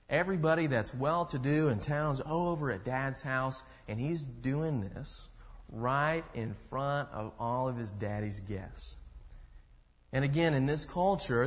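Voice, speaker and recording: A man preaches a sermon, reading scripture aloud and then unpacking it with rhetorical questions. His voice sits at a medium pitch. It rings with a long reverb through a large hall, and the sound is dull and muffled.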